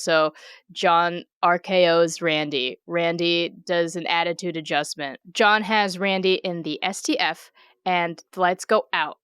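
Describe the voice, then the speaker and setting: A podcast co-host with a blunt, casual manner who swears freely while recapping matches. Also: female voice, lowish voice, fairly even intonation, unhurried, fairly bright tone, clean tone, no echo, clean studio sound.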